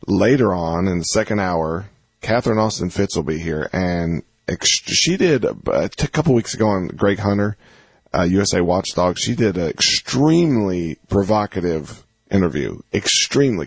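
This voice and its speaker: A man's voice: sits low, very animated, moderate pace, slightly rough, no room sound. A man hosting a talk radio show, rambling casually and restarting his sentences as he chats with his co-host. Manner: rambling, repeats phone numbers and restarts.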